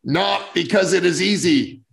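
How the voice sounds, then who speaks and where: A man's voice: sits high, a little slow, creaky, pitched above the performer's own voice, exaggerated voice. A man doing a rousing Massachusetts-accented president. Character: Kennedy-style male president rallying a nation. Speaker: podcast host.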